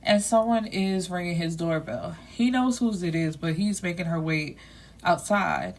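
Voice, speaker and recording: A woman with a slightly low voice recaps a novel's plot like she's spilling gossip to a friend. She talks casually and leans on "you know" and "like." She drops blunt, salty asides along the way. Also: a little slow. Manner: chatty, leaning on "you know" and "like". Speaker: book reviewer.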